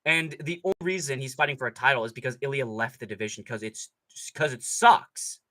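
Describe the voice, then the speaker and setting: A man's voice: mid-range voice, fairly quick, sharp tone. A young man hosting a live fight reaction stream, ranting sarcastically with plenty of profanity. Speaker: streamer host.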